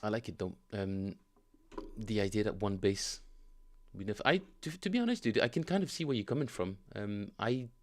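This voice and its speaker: Rambling man talking bass practice. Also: expressive, normal speed. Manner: rambling, many fillers and self-corrections. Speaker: bass player streaming his practice. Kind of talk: casual livestream teaching chat.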